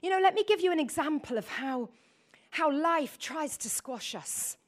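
A middle-aged woman from the north of England delivers a lively sermon, her voice sitting high and bright. She talks straight to the congregation, throws out questions and drifts into chatty personal asides. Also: moderate pace. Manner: animated, asks the audience questions, chatty asides. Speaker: preacher.

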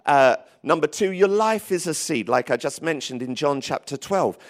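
A man preaching a sermon in church, lively and emphatic, with frequent restarts. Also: on the high side, moderate pace. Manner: lively, rising to emphatic calls, with many restarts. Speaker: pastor.

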